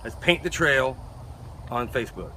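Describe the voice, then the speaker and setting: A man's voice: medium pitch, moderate pace, soft background music. A man from Florida who works as an artist, telling stories in an interview and acting out what other people said. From Florida, USA. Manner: animated, acts out other people's lines. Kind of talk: interview storytelling.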